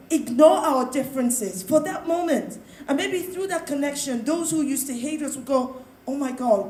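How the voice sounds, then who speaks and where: Loud, emphatic woman with a high voice in a roomy space, laughing between points as a panel guest. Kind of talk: opinionated panel discussion. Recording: roomy, echoey sound.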